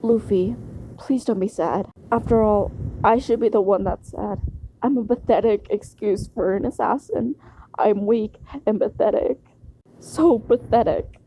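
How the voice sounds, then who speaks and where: A woman voicing a young female assassin who speaks quietly and haltingly, full of self-loathing. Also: mid-range voice, a little hiss or hum, lightly acted, poor audio. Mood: shaky.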